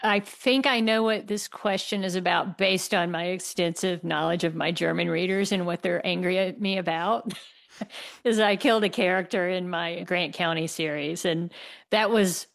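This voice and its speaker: Woman author, gravelly low voice, emphatic, candid, wry laughs. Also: fairly even intonation, moderate pace. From United States. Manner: passionate, emphatic, laughs wryly. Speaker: author guest. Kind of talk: candid conversational interview answers.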